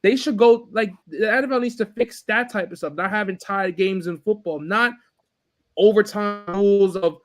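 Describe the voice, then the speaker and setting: A man's voice: sits high, moderate pace. A young man co-hosting a sports podcast, ranting in casual chat with many restarts. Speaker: podcast co-host.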